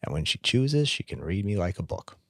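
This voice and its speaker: A man's voice: fairly low pitch, big pitch swings, a little fast, a bit bright, no echo, studio quality. A middle-aged man with a Canadian accent, co-hosting a casual conversation in a candid, reflective way. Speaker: podcast co-host.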